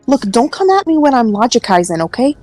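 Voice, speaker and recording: A woman's voice: sits high, sing-song, fast, a little mellow, no echo, faint music behind. A woman at a tabletop game, teasing her friends and rambling with lots of fillers. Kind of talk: casual game table chat.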